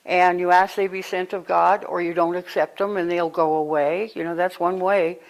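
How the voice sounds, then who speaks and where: A woman speaking as a spiritual teacher to a live group, conversational and animated, telling stories and breaking into sudden exclamations. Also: on the low side, normal speed, creaky, low-quality recording.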